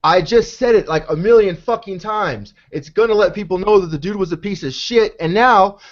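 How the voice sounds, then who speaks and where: A man's voice: high-pitched, normal speed. A man co-hosting a podcast, arguing bluntly and emphatically, swearing often. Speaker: podcast co-host. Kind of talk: heated casual debate. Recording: dull lo-fi podcast audio.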